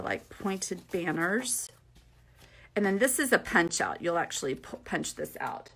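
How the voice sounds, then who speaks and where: A woman's voice: medium pitch, vocal fry, breathy edge. A woman giving a casual, upbeat craft tutorial, chatting to viewers as she walks through a card kit. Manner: chatty and upbeat, many fillers and asides. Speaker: craft demonstrator.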